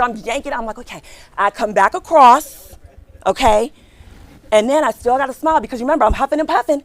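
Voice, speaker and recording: Animated woman in her forties telling stories. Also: sits high, normal speed. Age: 40s. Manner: animated, chatty, addresses the crowd directly, acts out her own reactions. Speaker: recruiter giving a career talk. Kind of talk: lively storytelling talk to a live audience.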